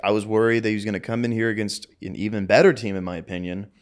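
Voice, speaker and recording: A man's voice: fairly low pitch, fairly even intonation, racing. A young man co-hosting a casual sports podcast, brash and profane, trash-talking a rival team. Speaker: podcast co-host.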